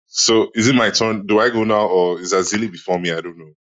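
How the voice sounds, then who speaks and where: A man's voice: on the low side, fairly bright tone, dull audio. A man in a casual online audio room discussion, chatty and laughing, with many "you know"s. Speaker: Clubhouse room speaker.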